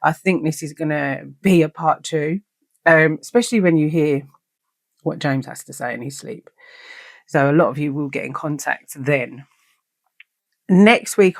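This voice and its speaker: A woman hosting a casual podcast, telling stories in an animated way, swearing freely and acting out quoted lines. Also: sits low, vocal fry, no echo. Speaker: podcast host.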